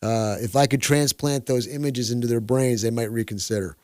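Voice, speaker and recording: A man's voice: mid-range voice, steady tone, a little fast, darkish tone, dry recording. A man hosting a call-in radio show, chatting with callers in an easygoing, conversational way. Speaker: radio talk show host.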